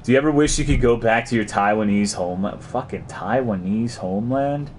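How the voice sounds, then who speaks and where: A man's voice: on the low side, fast, a little hiss or hum. A man streaming a game, chatting casually and crudely as he reads and answers his chat.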